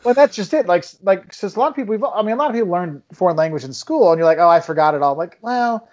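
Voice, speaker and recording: A young man on a podcast, telling travel stories in casual chat and acting out quotes in lively voices. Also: fast talker, highs cut off. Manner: animated storyteller, acts out quotes with big pitch jumps. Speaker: travel video maker, podcast guest.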